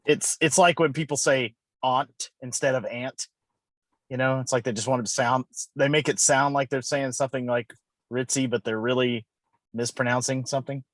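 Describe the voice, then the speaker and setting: A man co-hosting a podcast, chatting casually, opinionated and quick to correct how words are said. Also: mid-range voice, steady tone, no room sound. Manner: opinionated, fond of correcting pronunciation. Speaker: podcast co-host. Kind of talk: casual chat.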